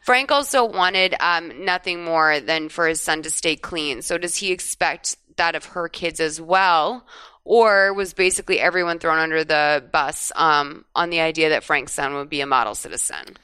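Woman host, bright crisp voice, dry close mic, casual wry chat. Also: deep voice, moderate pace, no echo. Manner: chatty, wry, lots of likes. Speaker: podcast host.

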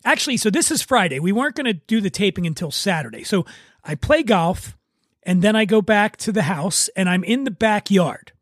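A man hosting a podcast, telling a story in an animated, self-deprecating griping way. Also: high-pitched, a little fast, dry recording, clean studio sound. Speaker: podcast host. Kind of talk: casual podcast chat.

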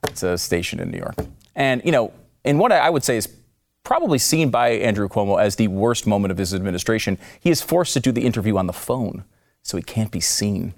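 Sarcastic male commentary host, lively pitch. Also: fairly quick, gravelly. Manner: mocking, sarcastic, emphatic swings.

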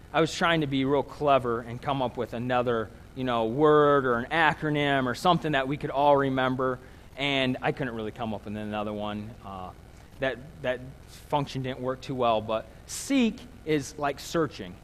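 A man's voice: medium pitch, moderate pace, a bit bright, slight background noise. A man in his thirties preaching a casual, conversational sermon as a pastor, telling stories with self-deprecating humor. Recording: long hall reverb.

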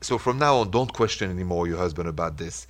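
A low-pitched man with a French accent hosts a call-in advice show. He talks in short, earnest, reassuring phrases to a studio microphone. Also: animated, fast. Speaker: radio relationship advice host.

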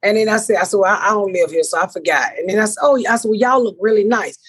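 A middle-aged American woman hosting a podcast, telling profane, animated stories and acting out what everyone said. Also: medium pitch, racing, slightly rough. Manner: profane, animated storyteller acting out her own quotes. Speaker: podcast host. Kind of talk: casual chat, storytelling.

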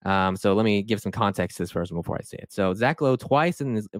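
A man's voice: fairly low pitch, lively intonation, quick pace, dry recording, studio quality. A man hosting a casual sports podcast, talking animatedly and restarting sentences as he sets up topics. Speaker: podcast host.

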